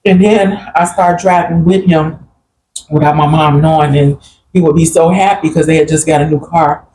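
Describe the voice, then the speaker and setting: A woman's voice: low voice, fairly even intonation, moderate pace, warm tone, slight background noise, poor audio. A woman guest earnestly recounting a personal grief story in a plain-spoken group conversation. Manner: earnest, plain-spoken, quotes family members while recounting.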